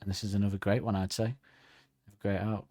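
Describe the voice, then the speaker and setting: A man's voice: fairly low pitch, little pitch movement, brisk, dark tone. A man co-hosting a casual music podcast, rambling and hedging as he chats. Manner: chatty, rambling, hedging asides. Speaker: podcast co-host.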